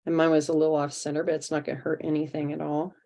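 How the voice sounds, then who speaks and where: Low-voiced woman teaching a craft. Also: completely flat delivery, quick pace, creaky, mellow. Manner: chatty, step-by-step explaining while working. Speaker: art teacher leading a craft workshop. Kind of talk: online craft demonstration.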